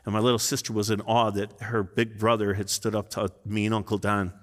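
A man's voice: on the low side, flat delivery, fairly quick, fairly bright tone. A man in his fifties preaching a sermon in a church, telling personal stories in an earnest, emotional way. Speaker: pastor. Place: church sanctuary. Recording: long reverb in a large hall.

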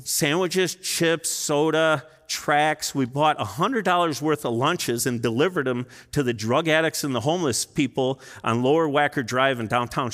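A man's voice: a little high, fairly bright tone. A man in his fifties preaching a sermon in a church, telling personal stories in an earnest, emotional way. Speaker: pastor. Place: church sanctuary. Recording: long reverb in a large hall.

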